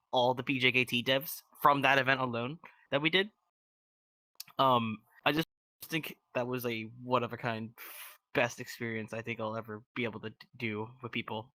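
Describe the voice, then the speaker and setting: A man's voice: medium pitch, sharp tone, no echo. A man chatting eagerly as a podcast guest, rambling with frequent ums. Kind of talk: casual chat.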